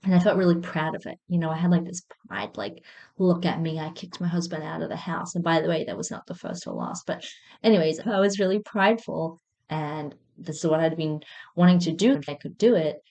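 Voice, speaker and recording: Woman, candid reflective storytelling, gravelly fry, mellow warm tone. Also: deep voice, expressive, brisk. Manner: candid, reflective, with soft self-mocking laughs. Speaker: podcast host. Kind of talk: personal storytelling monologue.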